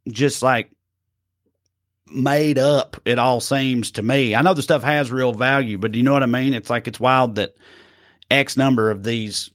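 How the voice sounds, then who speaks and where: Male co-host, mid pitch, playful rambler, dry close recording. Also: steady tone, normal speed, fairly bright tone, no room sound. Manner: rambling, playful, slips into mock accents. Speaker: podcast co-host. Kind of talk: casual comedic news chat.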